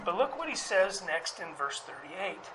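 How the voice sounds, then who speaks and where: A man's voice: sits high, sing-song, moderate pace, background noise. A male pastor preaching a sermon in a conversational way, with fillers and restarts, rising to emphatic calls.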